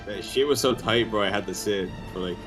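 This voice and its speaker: A young man co-hosting a casual film podcast, emphatic and lively. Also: on the low side, a little fast, music in the background. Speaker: podcast co-host. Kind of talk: casual chat among friends.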